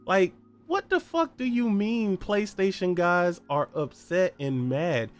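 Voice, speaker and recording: A man's voice: high voice, big pitch swings, slow, few pauses. A man hosting a solo gaming podcast, ranting in a heated, profane and mocking way and firing off repeated rhetorical questions. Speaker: podcast host.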